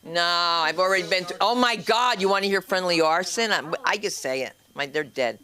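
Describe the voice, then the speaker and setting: A woman's voice: on the low side, normal speed, bright, forceful tone. A woman hosting an open mic at a small comedy club and teaching comedy, telling blunt, swearing stand-up anecdotes on a handheld mic. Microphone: handheld stage mic.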